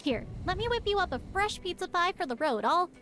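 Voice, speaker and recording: Timid, awkward young pizza worker, high voice, nervous rambler, game dialogue with soft music bed. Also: female voice, very animated, a little fast, heavily acted. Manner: nervous, rambling, self-deprecating jokes. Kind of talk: video game voice acting.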